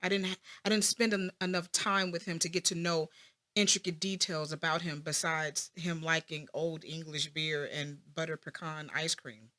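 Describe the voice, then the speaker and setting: A woman in her thirties, an interview guest, talking reflectively about her family with many pauses and restarts. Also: low voice, steady tone, sharp tone. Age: 30s. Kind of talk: personal interview.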